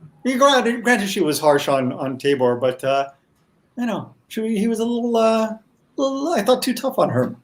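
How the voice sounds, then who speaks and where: A man, the creator of a TV series, explaining his choices as a guest in a casual online chat, speaking thoughtfully and haltingly. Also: high voice, very animated. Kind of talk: casual video-chat commentary.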